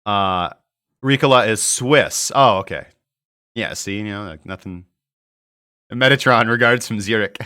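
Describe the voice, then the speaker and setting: Bright-voiced man hosting a trading livestream. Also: lowish voice, measured pace, pauses often. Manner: chatty, reads viewer comments aloud, jokey asides. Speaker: crypto trading livestream host. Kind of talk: casual live market analysis.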